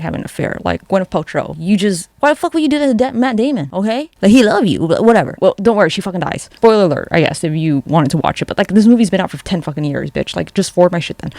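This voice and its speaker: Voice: mid-range voice, gravelly, a little mellow, dry recording. A vlogger in casual, rambling commentary, sarcastic and swearing constantly.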